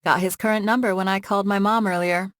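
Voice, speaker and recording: A woman voicing a sharp, practical young heroine in an audiobook, speaking dry and matter-of-fact. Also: mid-range voice, fairly even intonation, quick pace, no echo, lightly acted.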